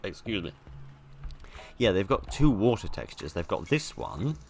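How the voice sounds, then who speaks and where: A man's voice: deep voice, sing-song, unhurried, creaky, darkish tone. A man giving casual gameplay commentary, chatty and self-deprecating, rambling as he plays. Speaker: let's play host.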